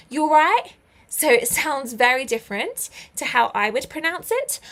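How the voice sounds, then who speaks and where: A woman's voice: fairly high pitch, gravelly, fairly bright tone. A young British woman teaching English in a live online lesson, encouraging learners and praising them often with light laughs.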